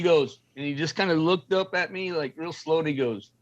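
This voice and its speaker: A middle-aged former Marine tells his stories loosely and profanely, slipping into voices as he quotes people. His voice sits at an ordinary pitch for a man. The recording sounds dull and lo-fi. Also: quick pace. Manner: profane, animated storyteller acting out quotes. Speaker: guest, former Marine and film military advisor. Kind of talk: casual storytelling interview.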